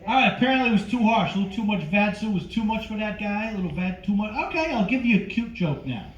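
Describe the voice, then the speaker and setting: Middle-aged man, stand-up comic, brash crowd work, fairly high voice, roomy dull stage sound. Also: lively intonation, fast. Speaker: stand-up comedian. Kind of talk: live stand-up comedy. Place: cruise ship show lounge. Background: audience laughter.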